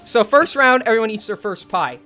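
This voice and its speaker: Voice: medium pitch, animated, brisk, sharp tone. A game master narrating a tabletop game in a casual, hesitant way with many fillers. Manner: chatty, hesitant, laughs a lot.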